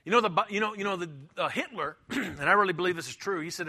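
Bright-voiced high male preacher. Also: fast talker. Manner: emphatic, acts out quoted voices, repeats himself. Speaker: pastor. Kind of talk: sermon.

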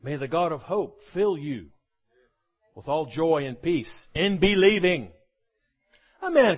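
A man preaches a sermon in a fairly high voice that swings widely up and down. He is animated and jokey, with humorous asides and acted-out quotes. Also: slightly rough.

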